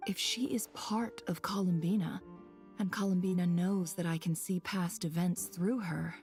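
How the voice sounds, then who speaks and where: A sharp, resolute female scholar from a video game, voiced by a woman, reasoning things out with dry wit in a lowish voice. Faint game music underneath. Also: steady tone, normal speed, close to an everyday voice. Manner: analytical, dryly witty.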